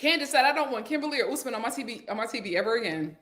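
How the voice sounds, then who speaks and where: A woman's voice: on the high side, animated, fast talker, a bit bright. A woman hosting a casual live stream from home, chatting and reading viewer comments aloud.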